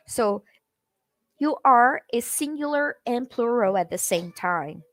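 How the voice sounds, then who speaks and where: Slow, chatty woman teaching English. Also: on the high side, animated, a bit bright, no room sound. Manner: chatty, addresses viewers in the comments. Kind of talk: live-streamed language lesson.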